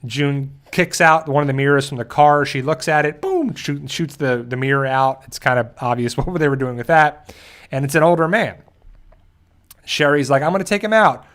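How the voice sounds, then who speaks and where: A man's voice: medium pitch, a bit bright. A man hosting a channel, casually recapping an episode in a rambling way and briefly acting out the characters' lines. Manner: rambling, with frequent restarts and quick acted-out quotes. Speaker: show host.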